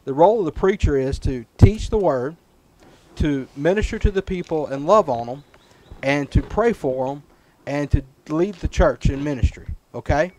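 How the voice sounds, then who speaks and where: A man's voice: a little high, animated, normal speed, mellow, low-quality recording. A man, a preacher, teaching a children's Sunday school Bible lesson, checking in with the kids often. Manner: patient, checks in often with "right?" and "okay?".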